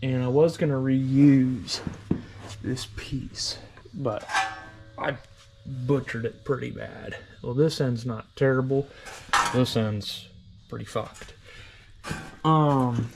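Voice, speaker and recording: A man's voice: medium pitch, background noise. A young man talking casually in his home workshop, rambling and swearing freely as he explains his repair work. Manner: rambling, profane, self-deprecating. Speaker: hobby vehicle restorer.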